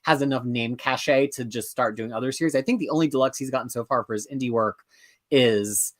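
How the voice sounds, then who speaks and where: A man co-hosting a comics show in casual chat, animated and chatty, with self-mocking asides. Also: medium pitch, fairly quick.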